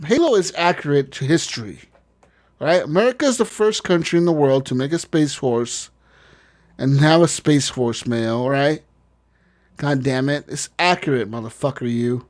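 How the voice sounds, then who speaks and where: A man's voice: fairly high pitch, normal speed. A man co-hosting a casual gaming podcast, swearing freely and joking through rambling rants. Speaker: podcast co-host.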